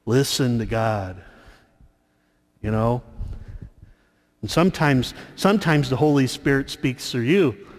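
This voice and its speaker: Priest guy giving a sermon, talks real slow, lots of uh's and restarts, big church echo. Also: fairly high pitch. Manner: slow storytelling homily with fillers and restarts. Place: large church. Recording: church with long reverb.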